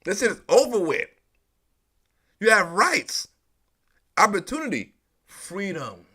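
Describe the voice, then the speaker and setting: A man's voice: sits high, sing-song, measured pace, sharp tone, husky. A man hosting a live stream, delivering an emphatic, profane, repetitive political commentary rant.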